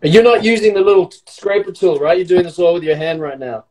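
A man's voice: high-pitched, fast, a little mellow. A middle-aged man in casual chat, joking and rambling in a self-mocking way while baking along.

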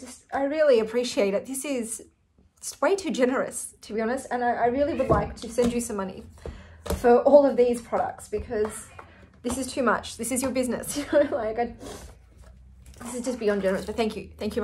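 A woman's voice: a little high, brisk, a little mellow, a little hiss or hum. A woman in her forties with an Australian accent, chatting to camera in an effusive, giggly way. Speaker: vlogger. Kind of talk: casual chat to camera.

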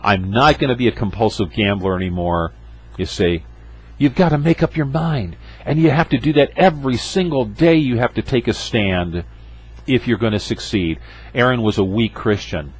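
A man's voice: mid-range voice, sing-song, moderate pace, husky, low-quality recording. A man pastor preaching a sermon, emphatic, with rhetorical asides to his congregation.

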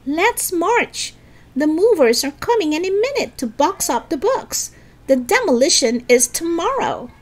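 An excited young girl shouts at a protest, as a woman reading aloud puts her on. Her voice is high, shrill and loud. She sounds urgent and insistent, like a storybook child. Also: measured pace, exaggerated voice.

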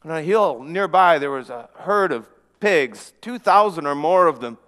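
Man, fairly high voice, earnest first-person storyteller, long church reverb. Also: animated, moderate pace. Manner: earnest, with frequent restarts and dramatic hushes. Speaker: preacher in a first-person monologue.

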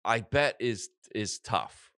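A man's voice: fairly low pitch, animated, slow pace, sharp tone, clear, resonant tone, no echo, clean studio sound. A man hosting a podcast, chatting casually and jokingly, rambling and correcting himself as he goes. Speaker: podcast host. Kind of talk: casual comedic chat.

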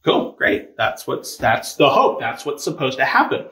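Animated man teaching in an echoey room. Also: mid-range voice, unhurried. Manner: conversational, animated, playful asides and acted-out quotes. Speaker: catechism teacher. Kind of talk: casual catechesis lecture.

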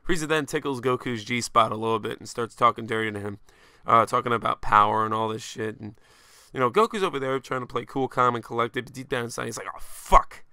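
A man's voice: medium pitch, fast, bright, forceful tone, clean tone. A man casually reviewing an anime episode, joking and swearing as he rambles.

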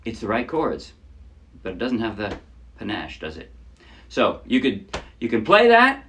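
A man's voice: lowish voice, wildly swooping pitch, measured pace, over loud music. A man teaching a ukulele lesson in a casual, chatty way, talking through chords and counting beats aloud as he plays. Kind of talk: casual instructional talk. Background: loud ukulele playing.

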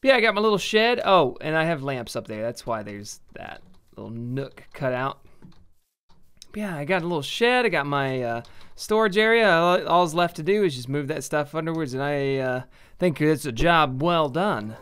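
A man's voice: on the high side, lively intonation, moderate pace, a bit bright, clear, resonant tone. Chatty man narrating his gameplay. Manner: chatty, self-mocking, thinking aloud. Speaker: gaming video host. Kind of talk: casual let's-play commentary.

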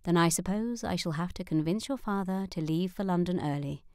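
A woman voicing a gentle but determined middle-aged mother in an audiobook, speaking calmly and firmly. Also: fairly low pitch, a little fast, smooth, no echo, clean studio sound, lightly acted. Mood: reassuring. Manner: calm, soothing, firm.

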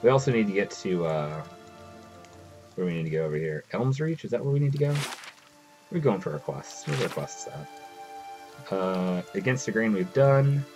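A man's voice: fairly low pitch, animated, normal speed, darkish tone, faint music behind. A man chatting casually while streaming a game, reading its text aloud as he plays. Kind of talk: casual live game commentary.

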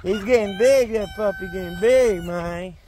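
A man's voice: sits high, moderate pace, darkish tone, slight background noise. A man vlogging outdoors on his homestead, bantering playfully with his chickens and roosters. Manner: playful, jokey banter with farm animals. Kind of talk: casual vlog narration. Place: outdoors on a homestead among poultry.

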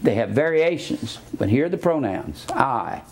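A man's voice: mid-range voice, expressive, moderate pace, a little mellow, slight background noise. An older man preaching a sermon, blunt and scornful, stopping to teach grammar like a schoolteacher. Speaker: pastor.

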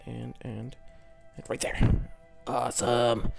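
A man's voice: mid-range voice, monotone, slow, gravelly. A man hosting a casual gameplay commentary, rambling and self-mocking as he fumbles along and mutters sound effects to himself. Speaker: gaming channel host. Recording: music playing under the voice.

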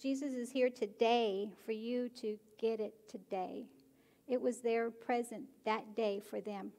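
A woman pastor preaching a sermon, animated and emphatic, often pushing her questions to the congregation. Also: a little high, a little slow. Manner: animated, rising to emphatic exhortation. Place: church sanctuary.

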